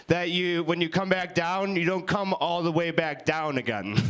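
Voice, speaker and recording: Young guy riffing stand-up on a stage mic, rambling and cursing, a bit high voiced. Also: moderate pace, a bit bright, clear, resonant tone. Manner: rambling, swearing, laughing at himself. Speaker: improv comedian. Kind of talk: improvised stand-up set. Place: winery comedy show with live audience.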